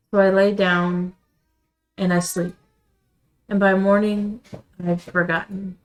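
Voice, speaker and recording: A woman streamer reading a visual novel aloud in quiet, measured first-person narration. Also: medium pitch, little pitch movement, poor audio. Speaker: let's-play streamer.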